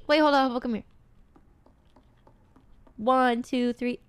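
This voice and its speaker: A young woman streaming a horror game, chatting playfully and cooing to an in-game companion, swinging from quiet muttering to excited squeals. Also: high voice, measured pace, pauses often. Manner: playful, talks baby-talk to a game companion. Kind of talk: casual gameplay commentary.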